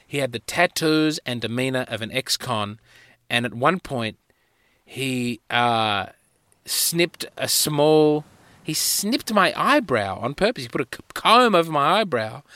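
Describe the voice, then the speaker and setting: Bright-voiced man rambling wryly. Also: a little high, very animated, measured pace, no echo. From Australia. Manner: rambling, wry, self-mocking storytelling. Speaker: podcast host. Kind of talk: solo comic monologue.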